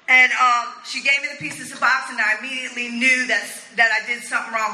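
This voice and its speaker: A woman's voice: a little high, fairly even intonation, fast talker, few pauses, bright, forceful tone, slight background noise. A middle-aged woman telling her story at a recovery meeting, blunt, profane and often laughing. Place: meeting room with an audience. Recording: roomy echo of a meeting room.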